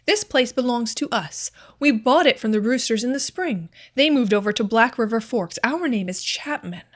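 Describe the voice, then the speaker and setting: A woman's voice: a little high, animated, moderate pace. A woman reading aloud, voicing a tall, cross, red-haired woman who speaks curtly and coldly. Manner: curt, cold.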